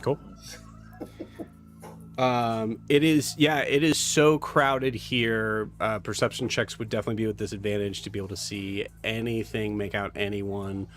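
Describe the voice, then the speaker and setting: A man's voice: fairly low pitch, flat delivery, moderate pace. A man running a tabletop game as game master, describing scenes in a loose, rambling way full of fillers.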